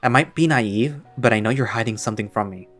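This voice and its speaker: A man's voice: medium pitch, fast talker, fairly bright tone, faint music behind, lightly acted. A man playing a young man who presses a friend with earnest, hurt questions.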